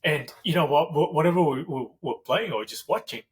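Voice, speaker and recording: A man's voice: on the high side, lively intonation, a little fast, far from the mic, low-quality recording. A man hosting a podcast, chatting casually and enthusiastically, drifting off on tangents. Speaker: podcast host. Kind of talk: casual interview chat.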